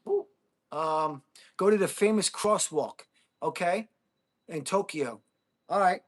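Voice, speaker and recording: An American man hosting a casual livestream, chatting with viewers, thanking them and whooping with excitement. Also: high-pitched, takes it slowly. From United States. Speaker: livestream host.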